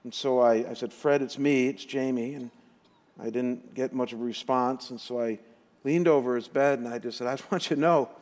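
A middle-aged man, a pastor, telling a personal story in a sermon with animated, emotional retelling and quoted dialogue. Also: medium pitch, normal speed. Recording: long reverb of a large hall.

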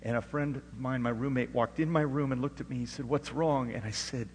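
A middle-aged male pastor preaches a personal testimony. His voice sits at an average pitch and rings with long hall reverb over a faint hum. He drops to a hush for the story, then climbs into loud, fervent preaching. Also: fairly quick. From Alaska. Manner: swings from hushed storytelling to loud, rising preaching.

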